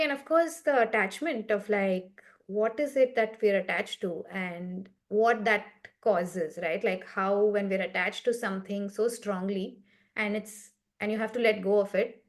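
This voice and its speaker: A woman guides a meditation session on a video call, telling a story at an unhurried, thoughtful pace. Her voice sits in a middle register, and she keeps the talk loose and conversational, often stopping to ask "right?". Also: mid-range voice. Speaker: meditation facilitator.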